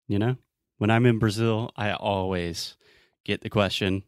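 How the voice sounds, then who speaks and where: Male English teacher, mild Southern twang, lowish voice, dry close sound, explains by acting out examples. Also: steady tone, a little slow, clear, resonant tone, no echo. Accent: mild Southern American. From Southern United States. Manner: explanatory, acts out example lines. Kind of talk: podcast conversation lesson.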